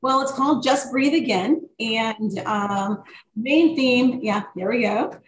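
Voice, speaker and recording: A woman author and pastor sharing her story in an interview, animated and full of fillers and restarts. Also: on the high side, slow pace. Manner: animated, many fillers and restarts, warm testimony. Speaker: author guest; worship leader and pastor. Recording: echoey room with faint noise.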